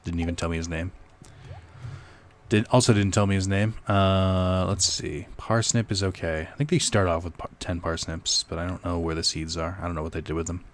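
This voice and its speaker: A man's voice: low-pitched, fairly even intonation, brisk, slight background noise. A young man giving casual let's-play commentary, rambling and joking with profane asides. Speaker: gaming streamer.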